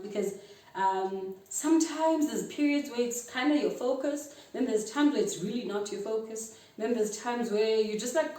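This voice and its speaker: A South African woman in her twenties telling a story vlog-style, lively and mixing in isiXhosa phrases while acting out both sides of a conversation. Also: medium pitch. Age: 20s. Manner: animated, mixes isiXhosa phrases into English, acts out both sides of a chat. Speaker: vlogger. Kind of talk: casual storytime. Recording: echoey room, mic a bit far.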